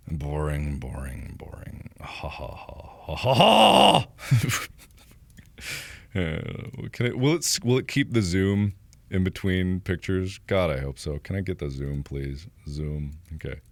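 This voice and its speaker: A man chats through a casual livestream, cracking jokes at his own expense. His voice is low and gravelly, and it swings widely in pitch. The sound is dry and close. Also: lively intonation, measured pace, a little mellow, no room sound. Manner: joking, self-mocking. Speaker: streamer.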